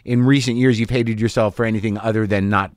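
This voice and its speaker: A man hosting a casual interview, thoughtful and halting, restarting his sentences as he works through an idea. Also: lowish voice, steady tone, no echo, studio quality. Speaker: podcast host.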